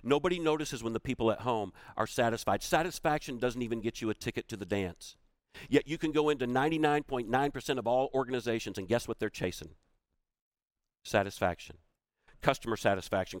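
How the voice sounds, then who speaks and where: This keynote speaker, a middle-aged man with a mid-range voice, tells a story from the stage and performs the quoted lines of its characters in their own voices. The recording is dry.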